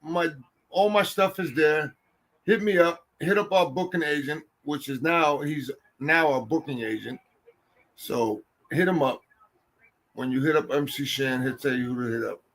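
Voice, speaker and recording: A man hosting a podcast in casual chat, loud, boisterous and profane. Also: fairly high pitch, normal speed, poor audio. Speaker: podcast host.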